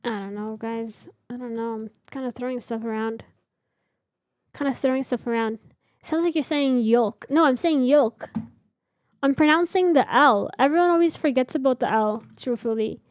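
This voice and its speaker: A woman's voice: fairly high pitch, moderate pace. A young woman streamer chatting casually with her viewers while building in a game, rambling and answering chat.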